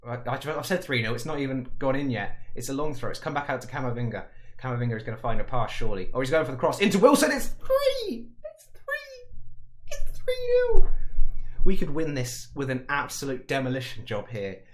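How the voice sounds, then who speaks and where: This fast-talking man with a medium-pitched voice provides jokey, chatty commentary on a football video game. Goals send him into excited shouting, with his voice cracking.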